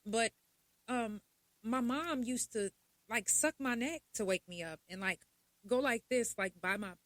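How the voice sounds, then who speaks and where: Woman podcast host, young adult, blunt and profane, animated, fairly high pitch. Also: measured pace, no echo. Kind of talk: casual monologue.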